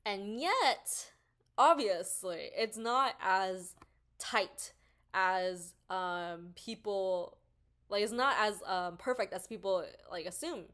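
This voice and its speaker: A woman's voice: medium pitch, expressive, slow pace, fairly bright tone. A young woman talks through a book in a loose, casual ramble. She circles back and restarts her thoughts constantly, stringing ideas together with fillers. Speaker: book reviewer.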